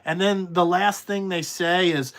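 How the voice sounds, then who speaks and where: A man with a notably high voice talks casually on a podcast about running a trucking business. He is blunt and profane and rambles from one point to the next. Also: fairly even intonation, a little slow, a bit bright. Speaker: trucking company owner.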